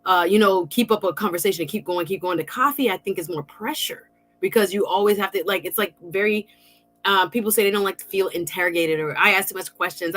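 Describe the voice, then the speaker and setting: A woman hosting a podcast in casual chat, expressive and chatty, with informal slang. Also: on the low side. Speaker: podcast host.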